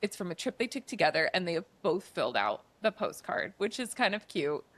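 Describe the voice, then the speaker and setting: A woman's voice: on the low side, sing-song, fairly quick, fairly bright tone, dry recording. A woman co-hosting a podcast, casually retelling a movie's plot in a chatty way, with lots of "like" and "um" fillers. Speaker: podcast co-host.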